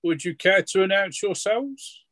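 A man voicing a polite male gate guard at a manor, courteous and hesitant, with many pauses and ums. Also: high-pitched, expressive, a bit bright, no room sound, pitched above the performer's own voice.

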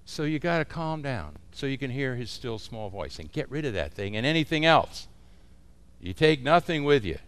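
A man's voice: mid-range voice, sing-song, normal speed, fairly bright tone, smooth. A man teaching other pastors in an informal, folksy way, often chuckling as he talks.

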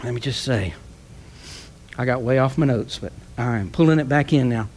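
A man preaching a sermon with passion, climbing to shouts and then dropping soft, tearful at times. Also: medium pitch, moderate pace, slight background noise.

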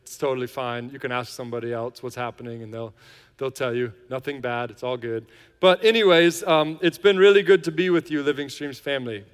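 Smooth-voiced pastor in reverberant hall. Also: male voice, mid-range voice, fairly quick. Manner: joking, chatty, many fillers. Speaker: lead pastor. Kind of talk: casual sermon intro and worship lead. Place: large church hall.

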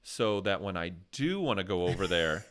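A man's voice: low voice, very animated, normal speed, fairly bright tone, clean tone. An American man hosting a casual podcast chat, telling rambling, jokey stories. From USA. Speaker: podcast host.

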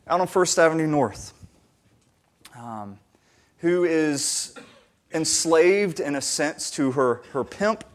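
An earnest male pastor preaching with a slightly higher voice. He talks conversationally with fillers and restarts, then presses toward emphatic, louder stretches. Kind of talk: sermon.

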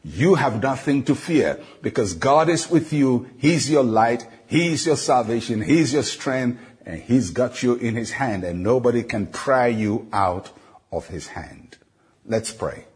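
A man with a husky, slightly rough voice delivers a devotional sermon as a pastor. He teaches at a measured pace, drawing out scripture quotes and filling the gaps between phrases with "uh." His pitch sits in an ordinary middle range. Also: animated. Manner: frequent "uh" fillers between phrases.

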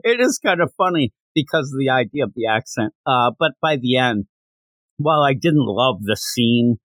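A man from Pennsylvania, co-hosting a casual podcast about manga. He acts out characters' lines in quick put-on voices. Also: mid-range voice, expressive, fairly bright tone, dry recording. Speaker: podcast co-host.

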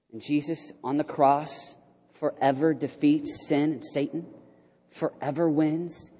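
A man preaching a sermon in an animated way, rising to loud exclamations and dropping to a hushed near-whisper. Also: fairly high pitch, a little slow, husky. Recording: hall with long reverb.

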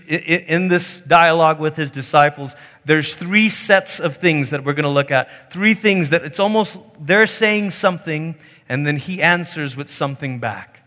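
A man's voice: sharp tone, long reverb tail. A man preaching a sermon, emphatic, lifting his voice when he acts out the pleas he quotes. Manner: emphatic, voicing quoted pleas in a higher pitch. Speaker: pastor.

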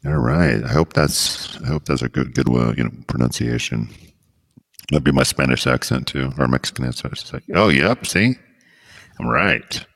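A man's voice: a bass voice, moderate pace, vocal fry, fairly bright tone, no echo, studio quality. A man hosting a podcast in a casual chat, rambling and joking as he gets sidetracked. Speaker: podcast host.

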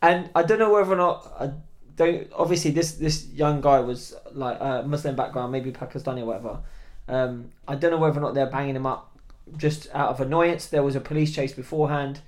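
A man's voice: medium pitch, fairly quick. A man in casual chat, animatedly telling street stories and acting out both sides.

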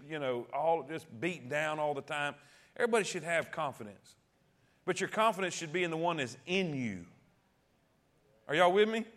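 A man's voice: a little high, a bit bright. A man preaching a sermon as pastor, calling out to the congregation and repeating key phrases.

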